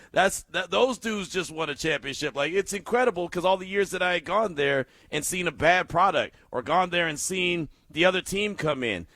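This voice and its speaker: Guy hosting sports talk radio, lively, laughs a lot, bright tone, pitched a bit high. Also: no room sound, clean studio sound. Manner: animated, emphatic, laughs often.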